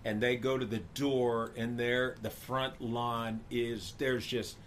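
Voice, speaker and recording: A man in a casual movie chat, retelling scenes and quoting lines in animated voices. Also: medium pitch, slow pace, a little hiss or hum.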